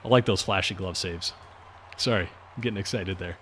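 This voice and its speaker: A young man with a bright, forceful voice chats loosely over his hockey gameplay, drifting between rants and sudden excited whoops. A faint hiss of noise sits under his voice. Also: sits low, brisk. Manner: rambling, chatty, bursts of excitement at saves. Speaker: gaming commentator. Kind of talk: casual gameplay commentary.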